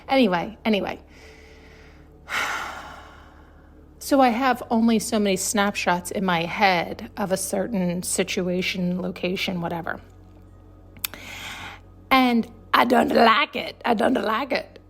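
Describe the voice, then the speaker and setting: A woman hosts her own podcast as a casual spiritual monologue. She is blunt and swears freely, hammers her points home with repetition, and keeps asking rhetorical questions. Her voice sits at a middling pitch. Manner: blunt and heavy on profanity, with frequent laughs. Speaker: podcast host.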